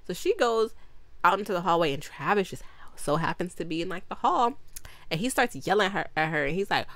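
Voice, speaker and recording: Chatty young woman with a low voice. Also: lively intonation, brisk, fairly bright tone, no room sound. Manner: chatty, lots of "like" fillers, frequent laughter, blunt swearing. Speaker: movie reviewer. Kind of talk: casual rambling recap.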